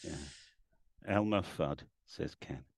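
A middle-aged man, an animated storyteller chatting casually as a livestream guest and acting out the lines he quotes. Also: deep voice, takes it slowly, creaky, dry recording, studio quality. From England.

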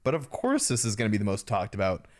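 A man's voice: on the low side, huge pitch swings, fast talker. A man hosting a podcast in casual chat, blunt and profane, mimicking people in mocking voices when he quotes them. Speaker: podcast host.

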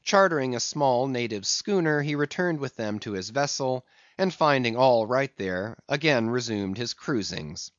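A man's voice: medium pitch, expressive, moderate pace, dry recording, muffled recording. A man narrating a classic sea novel as an audiobook reader. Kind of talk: scripted narration.

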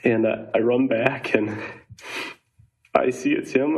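Man, witness on the stand, halting, repeats words, shaken, mid-pitched. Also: steady tone, a little mellow, rough recording. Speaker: witness testifying in court. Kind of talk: courtroom testimony.

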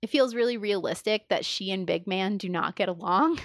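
A woman's voice: mid-range voice, moderate pace, dry recording, clean studio sound. A woman in casual podcast chat, talking enthusiastically with lots of fillers and acting out quoted lines. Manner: enthusiastic, filler-heavy, acts out quoted dialogue.

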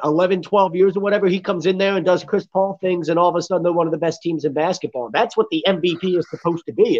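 A man with a slightly higher voice talks sports in a loose, rambling way, padding his points with fillers and blunt asides. The sound is dull and lo-fi. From Florida. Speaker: sports podcast co-host. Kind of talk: casual sports chat.

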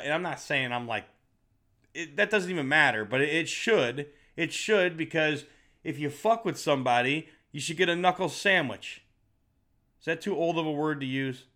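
A man's voice: fairly high pitch, expressive, measured pace, bright, forceful tone. A blunt, heated man ranting with heavy swearing. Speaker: fitness vlogger. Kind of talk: profane rant to camera.

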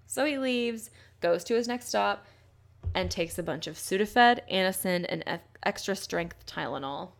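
A woman's voice: mid-range voice, animated, measured pace, vocal fry. A woman casually retelling a true-crime case as a podcast host, blunt and swearing freely. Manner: blunt and swears often, reads quotes aloud.

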